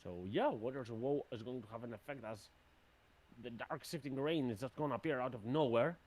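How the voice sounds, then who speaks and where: A man running a tabletop game as game master, thinking aloud in a plain, even way. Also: mid-range voice, a little fast.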